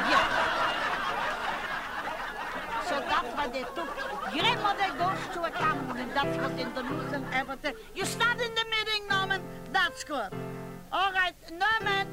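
A woman's voice: sits high, poor audio. A woman playing an older, gossipy and bossy chairwoman who runs a club meeting, chatting and scolding as she keeps cutting herself off. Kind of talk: comic character monologue.

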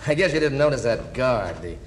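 A man's voice: mid-range voice, sing-song, brisk, long reverb tail, a little hiss or hum, natural voice. A man playing a polite, stammering male newspaper reporter in a comedy sketch.

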